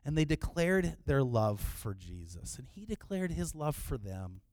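A middle-aged man preaching a sermon in a relaxed, conversational way, often restarting his phrases. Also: fairly high pitch, unhurried, no room sound. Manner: conversational, repeats words when restarting. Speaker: pastor.

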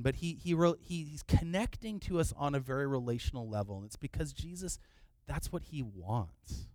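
A middle-aged man preaching a sermon in a relaxed, conversational way, often restarting his phrases. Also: a little high, normal speed, no echo. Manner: conversational, repeats words when restarting. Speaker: pastor.

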